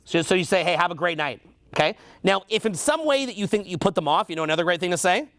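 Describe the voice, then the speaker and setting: A man's voice: sits high, expressive, fast talker, fairly bright tone, no echo. A man with a Canadian accent teaching a seminar, quizzing the audience and repeating their answers back. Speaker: dating coach.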